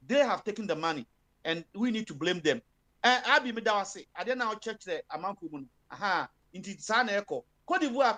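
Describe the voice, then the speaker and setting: Speaking in a mid-range, fairly bright voice, someone with a Ghanaian accent offers heated political commentary. They switch back and forth between Twi and English, using lots of fillers and forceful bursts.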